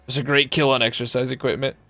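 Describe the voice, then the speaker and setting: A man's voice: mid-range voice, level tone, fast talker, sharp tone, soft background music. A man streaming a game live, chatting loosely with viewers, joking and swearing freely, thanking them by name. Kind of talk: casual live-stream chat.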